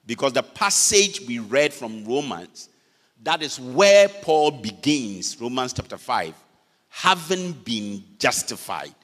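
An older man with a Ghanaian accent preaching a sermon, swinging from loud peaks down to low, quiet phrase endings. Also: sing-song. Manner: preaching slowly with dramatic pitch swings, switching between English and Fante. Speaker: pastor. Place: church hall. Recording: long reverb of a church hall.

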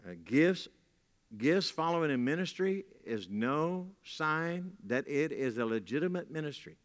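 A man's voice: a little high, animated, measured pace. A man preaching a sermon as pastor, folksy and repeating key lines for emphasis, with casual asides. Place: church hall. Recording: long reverb from a church hall.

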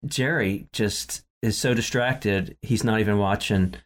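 A man's voice: on the low side, measured pace. Rambling, laughing man recapping episodes. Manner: rambling, laughs often, many fillers and restarts. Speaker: podcast co-host. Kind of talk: casual chat recapping episodes.

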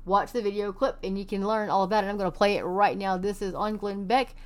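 A woman's voice: mid-range voice, fairly even intonation, quick pace. A woman from Texas reads news articles aloud for her commentary show, her voice sitting in the middle of the usual range. She breaks in with sarcastic, scoffing asides between the quoted passages. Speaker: online commentary host.

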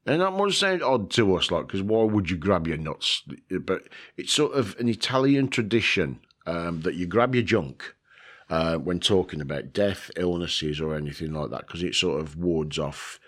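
A man's voice: low voice, expressive, normal speed. A man hosting a casual video, rambling through a list with lots of ums, joking about himself and swearing now and then. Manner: rambling, self-mocking, with frequent ums and swearing. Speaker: video host.

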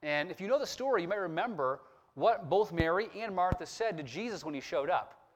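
A man preaching a sermon in a fairly high voice that swings widely in pitch. He slows down and leans on the words when he reads scripture, then returns to a plainer explaining tone. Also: slight background noise. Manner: expressive preaching, slowing down on scripture quotes. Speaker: pastor.

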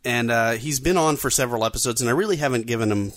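A man hosting a podcast in a relaxed, conversational way, often pausing on fillers and restarting his sentences. His voice sits at an ordinary pitch and sounds close and dry, with no room echo. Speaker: podcast host. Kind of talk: casual podcast chat.

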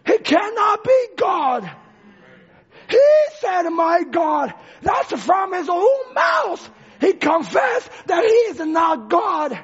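A male preacher giving a dramatic sermon, swinging from shouts to hushed lines, on a dull lo-fi recording. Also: extremely high pitch, very animated, slow pace.

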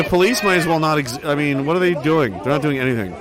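A man's voice: on the high side, animated, fast talker, few pauses, crowd noise, noisy background. A man giving a heated, profane commentary that rambles with restarts. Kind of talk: casual political rant.

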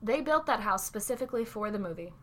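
A woman co-hosting a podcast in casual chat, talking with emphatic, animated energy. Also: mid-range voice, quick pace. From Southern United States. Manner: animated, talks with her hands, emphatic. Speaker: podcast co-host. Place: library.

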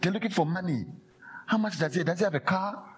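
A man preaching a lively sermon, acting out quoted voices and laughing often. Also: sits high, fast talker, soft background music.

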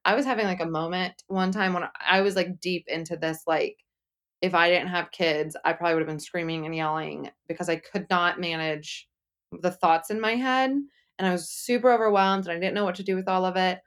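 A woman's voice: fairly low pitch, brisk, a bit bright. A young woman speaking candidly as an interview guest, chatty and full of "like" fillers, acting out what others said. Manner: chatty, frequent "like" fillers, acts out quotes.

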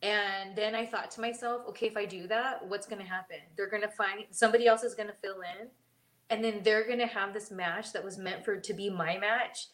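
A woman talking in a relaxed podcast chat, telling stories from her wrestling days. She is animated, with sudden jumps up in pitch whenever she acts out what someone said. Her speech is casual and full of fillers. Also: fairly quick. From Mexican heritage. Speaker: podcast co-host; former wrestler.

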